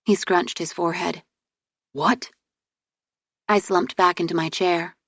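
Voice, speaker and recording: A woman reading a novel aloud in the first person, with a steady storytelling delivery. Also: lowish voice, normal speed, dry recording. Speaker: audiobook narrator. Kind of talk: first-person audiobook narration. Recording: dry close studio recording.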